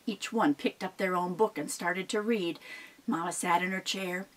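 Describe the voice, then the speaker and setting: A woman telling a folk tale aloud in an animated, expressive way, with sound effects. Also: lowish voice, moderate pace, poor audio. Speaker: storyteller. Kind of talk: oral storytelling performance.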